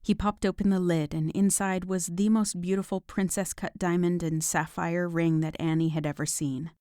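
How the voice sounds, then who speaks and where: A woman narrating a romance audiobook in a calm, even storytelling manner. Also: on the low side, moderate pace, clean tone, dry recording, clean studio sound. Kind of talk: scripted narration.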